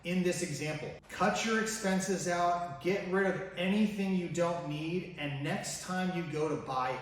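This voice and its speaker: Man, finance vlogger, persuasive, enthusiastic, rhetorical questions, a bit high-pitched, heavy room echo. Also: unhurried, a little hiss or hum. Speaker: finance YouTuber. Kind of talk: direct-to-camera finance vlog. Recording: very echoey room, mic at a distance.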